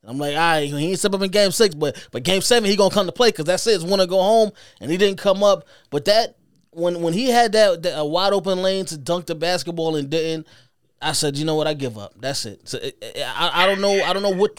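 A man's voice: sits high, brisk, clear, resonant tone, dry recording, studio quality. A man co-hosting a podcast, chatting casually and rambling as he restarts his thoughts. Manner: rambling, full of restarts and fillers. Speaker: podcast co-host.

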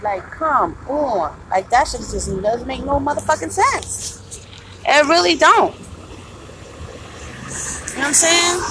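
A woman's voice: sits high, slow pace, long pauses, background noise. A tired woman in pain, venting bluntly and profanely about customers at her retail job in a casual podcast monologue.

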